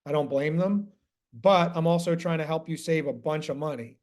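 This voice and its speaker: A man coaching solar sales in a loose, unscripted screen-share session. His voice sits a little high for a man. He talks bluntly and animatedly and swears freely. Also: normal speed, darkish tone.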